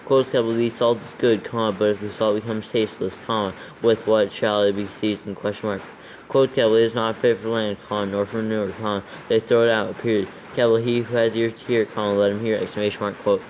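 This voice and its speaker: A man's voice: on the low side, little pitch movement, fast, darkish tone, a little hiss or hum, low-quality recording. A man reading scripture aloud for proofreading, steadily naming every comma, capital and quote mark as he goes. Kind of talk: dictating text with punctuation read aloud.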